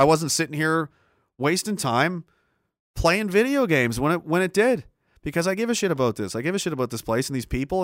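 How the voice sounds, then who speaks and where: Man, livestream host, swears a lot, rambling, emphatic, slightly high voice, dry close mic. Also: fairly bright tone, no echo. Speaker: livestream host reading chat. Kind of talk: casual livestream rant.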